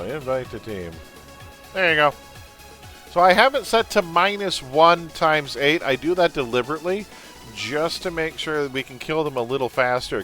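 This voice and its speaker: A man's voice: medium pitch, fairly bright tone. A man streaming a superhero game, chatting casually and bluntly with his viewers and teammates while he plays. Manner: chatty, blunt, venting with laughs. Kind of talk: casual gaming livestream chat.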